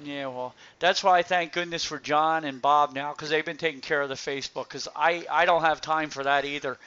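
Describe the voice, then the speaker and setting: A man's voice: a little high, steady tone, a little fast, pushed and bright, smooth. A man hosting a podcast, chatting casually and laughing easily. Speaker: podcast host. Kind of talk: casual chat. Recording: dull lo-fi audio.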